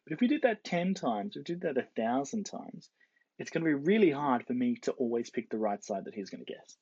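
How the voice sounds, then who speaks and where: Speaking a little fast in a husky, gravelly mid-range voice, a man gives a relaxed, explanatory lecture and playfully voices the characters he quotes. The audio is dull and lo-fi, dry, with no room sound.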